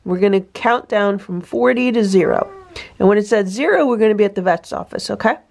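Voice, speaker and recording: A woman filming a cat vlog, explaining feral cat trapping and softly coaxing a trapped cat to relax. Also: medium pitch, brisk, vocal fry. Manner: soothing, coaxing baby talk to a trapped cat. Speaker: cat rescuer vlogger. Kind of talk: casual vlog narration and talking to a cat.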